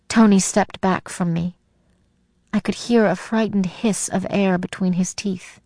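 A woman's voice: fairly low pitch, darkish tone, no echo. A woman narrating a suspense story in the first person, in a tense, dramatic storytelling manner.

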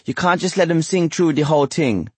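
A woman's voice: low voice, lively intonation, a little fast, darkish tone, slightly rough, no echo, voice pushed up. A man voicing an anxious middle-aged wife who pleads urgently and slips into Jamaican patois in a storybook reading. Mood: urgent pleading.

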